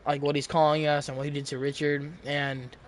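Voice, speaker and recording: A man's voice: a little high, flat delivery, brisk. A young man in his late teens, telling a story in casual chat, rambling with lots of fillers and restarts.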